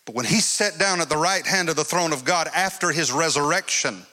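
A man's voice: on the high side, fairly quick, sharp tone. A male preacher giving an emphatic sermon and repeating his phrases. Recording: long hall reverb.

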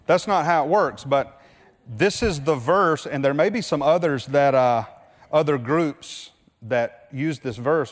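A man preaching a sermon in a church, emphatic and full of rhetorical questions, often restarting his sentences. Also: mid-range voice. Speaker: pastor. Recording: reverberant hall.

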